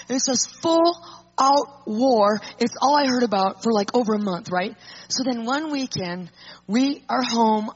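A woman speaker telling an animated personal testimony to an audience, acting out the people in it. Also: a little high, background noise. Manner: animated storyteller, acts out quotes. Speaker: Christian speaker. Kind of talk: storytelling testimony. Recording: muffled lo-fi recording.

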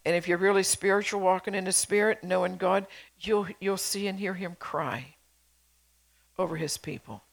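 A middle-aged woman preaches a sermon in a somewhat low voice. She presses her congregation with earnest exhortations and rhetorical questions, like a pastor urging her flock. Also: normal speed, creaky.

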